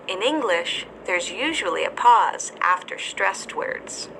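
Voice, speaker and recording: A woman teacher narrating a scripted English lesson, speaking slowly and deliberately with careful enunciation. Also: mid-range voice, animated, creaky, bright, forceful tone, slight background noise, rough recording.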